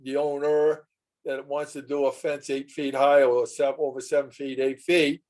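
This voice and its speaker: A man's voice: mid-range voice, little pitch movement, normal speed, darkish tone. A man on a town committee earnestly explaining how the permit rules should work for owners. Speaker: committee member. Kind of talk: municipal committee meeting discussion.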